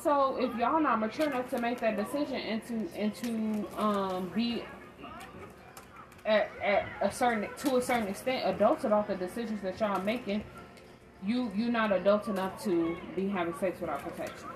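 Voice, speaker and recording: A woman's voice: medium pitch, normal speed. A woman telling a candid story in a blunt, emphatic monologue about parenting. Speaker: parenting vlogger. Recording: steady audible background noise.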